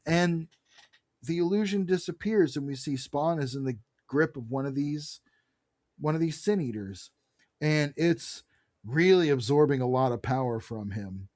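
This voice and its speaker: A man co-hosting a podcast, recapping a comic book in a casual, animated way, reading characters' lines aloud and swearing freely. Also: fairly high pitch, measured pace, no echo, clean studio sound. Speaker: podcast co-host.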